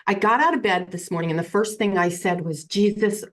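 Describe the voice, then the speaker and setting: A woman's voice: mid-range voice, fairly quick. A woman psychic medium telling stories in a casual interview, acting out quotes and laughing easily, on a video call from her home. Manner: animated storyteller, acts out quotes, laughs easily. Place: home room with crystals on shelves.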